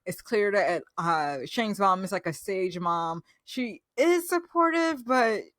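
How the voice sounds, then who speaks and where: A woman's voice: mid-range voice, expressive, takes it slowly, fairly bright tone, no echo, studio quality. A woman vlogger recapping a show in a gushing, enthusiastic, chatty way, full of fillers. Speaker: reaction vlogger. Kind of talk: casual reaction recap.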